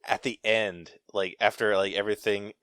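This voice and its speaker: A man's voice: lowish voice, fairly even intonation, moderate pace, fairly bright tone, clear, resonant tone, no echo, clean studio sound. A young man hosting a podcast, telling a story in a casual, rambling way full of filler words. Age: young adult. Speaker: podcast host. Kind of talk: casual chat.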